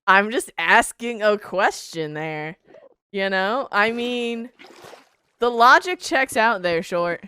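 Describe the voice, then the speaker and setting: A woman's voice: medium pitch, lively intonation, takes it slowly, pushed and bright, smooth, no echo. A woman streaming a game and chatting casually with a laid-back drawl and a stuffy nose, speaking into a desk microphone. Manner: laid-back, drawling, frequently says "bruh". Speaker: live streamer. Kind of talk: casual chat while gaming.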